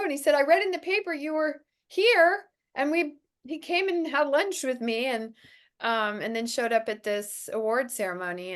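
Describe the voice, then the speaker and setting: Middle-aged actress guest, lively storyteller, slightly high voice, quick to laugh. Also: female voice. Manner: animated, laughs often, acts out quoted voices. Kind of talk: casual interview storytelling.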